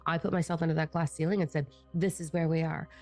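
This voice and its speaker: A woman's voice: deep voice, flat delivery, quick pace, mellow, soft background music. A middle-aged woman, a spiritual teacher and channeler, talking in a blunt, profane, fired-up monologue.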